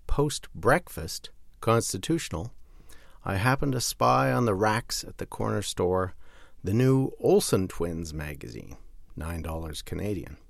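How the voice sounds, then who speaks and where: A man's voice: sits low, sing-song, unhurried, vocal fry, dry recording, studio quality. A man hosting a podcast, reading aloud from a zine with wry asides. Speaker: podcast host.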